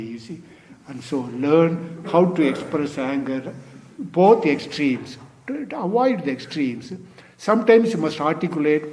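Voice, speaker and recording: A man's voice: on the high side, warm tone. An older man, a Zen teacher, giving a dharma talk in loose, non-native English, often adding "you see" and "you know.".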